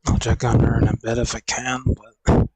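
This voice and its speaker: A young man streams from home, talking to himself into a desk mic while groaning, swearing, in pain and short of breath, in casual talk aimed at his viewers indoors. His medium-pitched voice is monotone, fairly quick and warm with a breathy edge. The recording has no echo but is low in quality.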